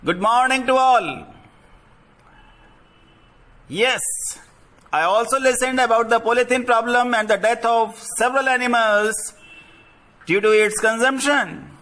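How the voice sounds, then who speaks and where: A man's voice: extremely high pitch, measured pace, pauses often, sharp tone, full character voice. A man reading the lines of a contented farm horse in a plain reading voice. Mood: calm.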